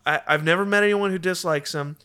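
A man with a bright, forceful voice and a slightly high pitch takes his turn as a player. He rambles and stammers through restarts as he explains himself in a comedic tabletop game. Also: fast, clean tone. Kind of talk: comedic tabletop role-play.

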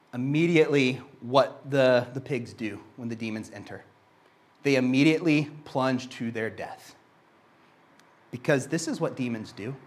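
A man preaching a sermon in a conversational way, often saying "like" and repeating words as he restarts, and reading scripture passages more slowly. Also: mid-range voice.

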